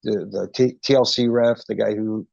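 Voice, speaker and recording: A man's voice: fairly low pitch, steady tone, moderate pace, vocal fry, a little mellow, no room sound. A middle-aged man telling a story as an interview guest, with lots of fillers and restarts. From Canada. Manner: chatty, many fillers and restarts, emotional recollection. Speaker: guest, retired wrestling referee. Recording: dry, dull lo-fi call audio.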